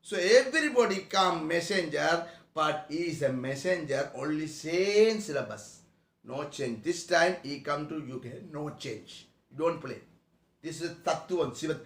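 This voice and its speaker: A man's voice: a little high, a bit bright, roomy sound. A man giving a spiritual discourse to a class in broken English, often asking the listeners questions. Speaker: spiritual teacher. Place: meeting room.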